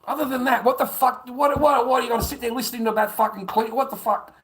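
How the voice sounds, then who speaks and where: A man's voice: very high voice, fairly even intonation, fast talker, fairly bright tone. A middle-aged man ranting crudely on a livestream, rambling, swearing and laughing. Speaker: livestream host. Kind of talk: ranting casual livestream chat.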